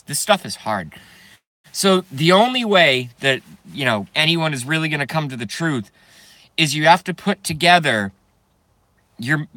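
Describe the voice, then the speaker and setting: Man, live-stream ranter, swears a lot, rambles, giggles nervously, bright tone. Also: mid-range voice, no echo. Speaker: YouTube streamer. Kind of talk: live-stream rant to chat.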